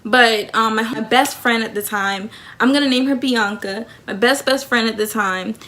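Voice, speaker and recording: A young woman vlogger chatting through a personal story time, animated and talkative, acting out what people said. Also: a little high, moderate pace, a little hiss or hum. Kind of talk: storytime vlog.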